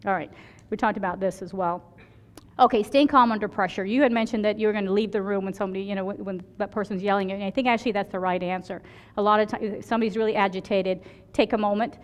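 A woman's voice: mid-range voice, fairly even intonation, fast, big-room sound. A woman emergency physician giving a conference lecture, telling stories from her work and often checking in with "right?". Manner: chatty, storytelling, keeps asking "right?".

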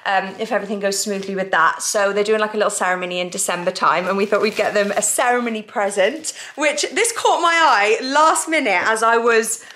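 A woman's voice: mid-range voice, a little fast, hardly any pauses, a bit bright. A woman chatting casually to camera in a home vlog, rambling and giggly. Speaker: vlogger. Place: home indoors. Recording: roomy echo, faint noise.

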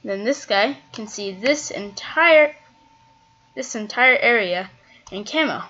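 A woman's voice: on the high side, lively intonation, slow, bright, forceful tone. A woman giving casual gameplay commentary, chatting and thinking aloud as she plays, often trailing off mid-thought. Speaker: gaming video creator. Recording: dull lo-fi mic.

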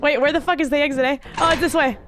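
High-voiced woman streamer bantering. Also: rapid-fire. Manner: jokey put-on folksy banter, tags "eh" and "bud"; profane, excitable. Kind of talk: casual gaming chat.

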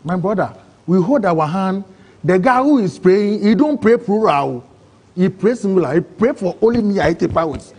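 A man with a Ghanaian English accent, telling his own story in an interview, excitable and acting out other people's words. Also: high voice, moderate pace, slightly rough. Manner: excitable, acts out quoted voices, broken phrasing. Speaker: interview guest. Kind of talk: emotional personal storytelling.

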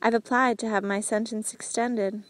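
Lady doing a stubborn prisoner guy in an audiobook, blunt and earnest, bit high. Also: flat delivery, normal speed, no echo, natural voice. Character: outspoken male prisoner farmer, stubborn and earnest. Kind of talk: audiobook character reading.

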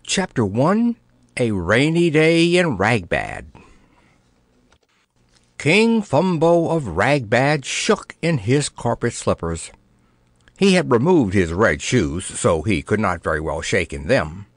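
Expressive man reading a storybook. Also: mid-range voice, slow pace, no echo. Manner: expressive, playful. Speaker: audiobook narrator. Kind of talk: storybook narration.

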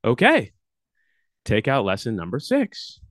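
A man quoting a gentle schoolteacher. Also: mid-range voice, huge pitch swings, a little slow, dry recording, clean studio sound. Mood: reassuring. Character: kind, calm middle-aged male schoolteacher.

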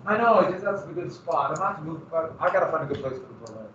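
A man's voice: on the high side, expressive, fast, fairly bright tone, a little hiss or hum. A male teacher chatting casually and rambling to his class in a classroom. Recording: echoey room, far from mic, muffled.

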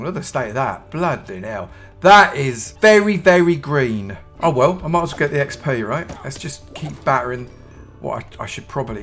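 A man commentating his own Minecraft play, chatty and self-mocking, breaking into excited yelps. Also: medium pitch. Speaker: gaming YouTuber.

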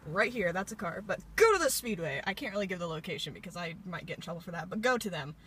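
This bubbly Indiana teen, in her late teens, rambles through a chatty vlog with her phone at arm's length in a parked car, using lots of filler words. Her lowish voice moves very fast, with a fairly bright, slightly rough tone.

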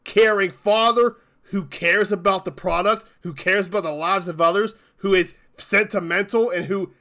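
A man with a high, bright voice rants as the host of his own channel. He swears constantly and hammers each point with exasperated emphasis. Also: fairly even intonation, normal speed. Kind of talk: angry ranting commentary.

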